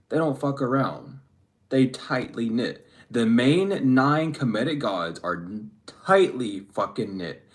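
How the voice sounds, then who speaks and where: A man giving a casual spiritual reading to camera, talking bluntly and profanely, rambling with frequent restarts. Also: medium pitch. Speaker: spiritual reader.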